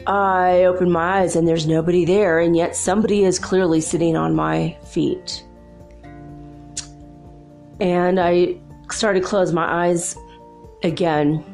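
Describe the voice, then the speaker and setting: A woman hosting a spiritual talk show, telling a personal story in a chatty, animated way and laughing often. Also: on the low side. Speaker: host.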